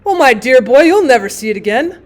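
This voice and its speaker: Woman reading jovial young male painter, booming, emphatic, storybook audiobook. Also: very animated, a little fast.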